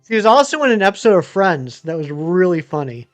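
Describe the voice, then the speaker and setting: Male streamer in his thirties, high voice, rambling chat with viewers, faint music underneath. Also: sing-song, fairly quick. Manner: rambling, chatty, many ums and uhs. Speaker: game streamer. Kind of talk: casual live-stream chat answering viewers.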